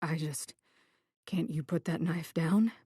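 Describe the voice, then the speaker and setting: A woman doing a hushed, cagey man. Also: slow, husky, dry recording, clean studio sound, exaggerated voice. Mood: conciliatory. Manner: low-key, evasive. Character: cagey slender man, evasive and pushy.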